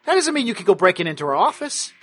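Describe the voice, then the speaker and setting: A man's voice: sits high, sing-song, fast, husky, faint music behind, exaggerated voice. A man playing a brash swearing gangster boss. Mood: scolding.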